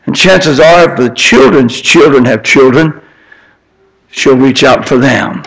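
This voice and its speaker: An older man preaching an impassioned sermon, climbing to high emphatic peaks and then dropping into soft, tender storytelling. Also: unhurried, gravelly, slightly rough, low-quality recording.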